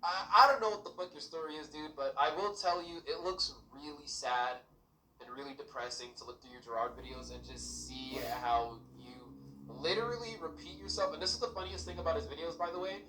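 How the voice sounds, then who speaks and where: A man's voice: on the high side, a little fast, echoey room, distant mic, background noise. A man ranting bluntly and profanely at another creator in a casual vlog clip. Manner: blunt, profane, addressing the viewer directly. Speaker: small youtuber.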